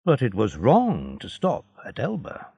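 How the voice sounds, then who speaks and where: A man's voice: medium pitch, wildly swooping pitch, measured pace, vocal fry, dark tone, breathy edge, no echo, lo-fi sound, exaggerated voice. A man voicing a complaining, resentful ship's officer in a storybook reading.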